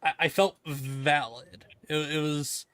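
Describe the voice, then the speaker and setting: Man, guest streamer, halting, searching for words, dry close mic. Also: fairly high pitch, fairly even intonation, fairly bright tone, no room sound. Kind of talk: casual chat.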